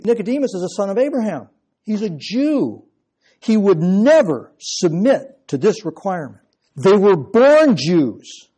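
A man's voice: on the high side, mellow, slightly rough. A man preaching an expository sermon and explaining verse by verse with emphatic stress. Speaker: pastor.

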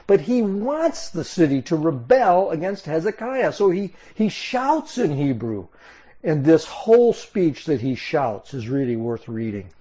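A man teaching through a Bible passage in a sermon, emphatic and explanatory, often doubling back on a phrase. His voice is slightly high but mellow and soft. The recording is dull and lo-fi. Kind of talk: expository sermon.

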